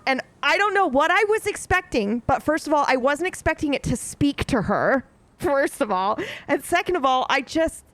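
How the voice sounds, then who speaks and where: A woman streaming a game, chatting casually to her viewers in an excitable, profane way that is full of laughs. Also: high-pitched, no room sound. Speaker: let's play streamer.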